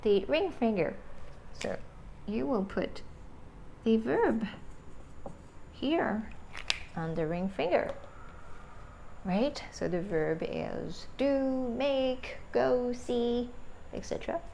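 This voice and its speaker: Slow, deliberate woman teaching English. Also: fairly high pitch, big pitch swings, gravelly, mellow, a little hiss or hum. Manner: slow, deliberate explaining with frequent "right?" checks. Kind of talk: grammar lesson.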